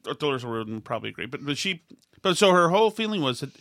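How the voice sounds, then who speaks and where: A podcast host in his fifties from Massachusetts chats casually about politics and tells meandering stories full of restarts. His voice is a little high, sing-song, pushed and bright, and he speaks very fast. The studio-quality recording has no echo.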